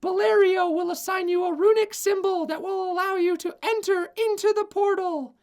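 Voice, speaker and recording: A man's voice: very high-pitched, steady tone, normal speed, pitched above the performer's own voice. A man voicing a grand male king who makes proclamations to a crowd in a tabletop game. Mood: commanding. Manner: grand, declaiming.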